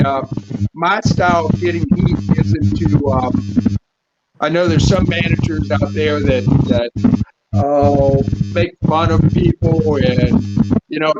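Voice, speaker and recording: Halting man over loud music. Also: on the high side. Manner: halting, with many restarts and fillers. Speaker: wrestling manager guest. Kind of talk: casual interview chat. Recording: dull lo-fi audio with loud music behind.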